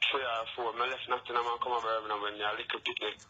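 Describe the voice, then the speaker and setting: A man's voice: mid-range voice, flat delivery, very fast, pushed and bright, highs cut off, a little hiss or hum. A young man speaking in a thick Jamaican patois accent, chatting casually as a phone-in guest on a radio show, laid-back and full of "you know, man". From England. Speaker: phone-in guest, dancehall artist.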